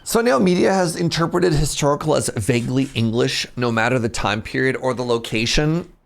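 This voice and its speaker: A man's voice: mid-range voice, a little fast, gravelly. A man streaming a strategy game, talking casually and joking as he plays. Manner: chatty, joking, reacts aloud. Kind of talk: casual gameplay commentary.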